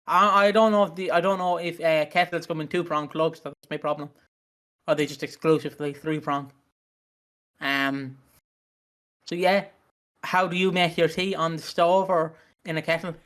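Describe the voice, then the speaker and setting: A man's voice: a little high, flat delivery, moderate pace, fairly bright tone. A young man co-hosting a podcast, teasing and joking casually with plenty of swearing. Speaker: podcast co-host.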